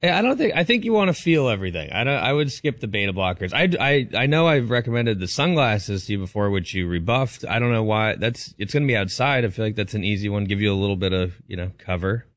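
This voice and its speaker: Lowish guy tossing out wry jokes fast, dry sound. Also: animated, fairly bright tone, dry recording. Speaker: radio co-host. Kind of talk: casual studio chat.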